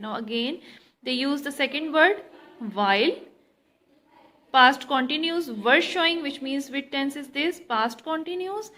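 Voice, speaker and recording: Bright high-voiced teacher, repeating terms. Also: female voice, rough recording. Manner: explains slowly, repeating key words, mixing in Hindi. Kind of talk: grammar lesson.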